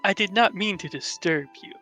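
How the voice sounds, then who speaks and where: A player voicing a courteous male adventurer who talks slowly and formally. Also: mid-range voice, bright, forceful tone, soft background music, natural voice. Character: polite male adventurer with a blunderbuss.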